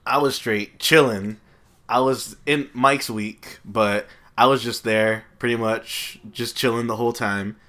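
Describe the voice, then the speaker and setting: A young man co-hosting a podcast, telling relaxed, casual stories and laughing often. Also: medium pitch, unhurried. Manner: laid-back, laughs often through his stories. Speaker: podcast co-host. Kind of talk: casual storytelling chat.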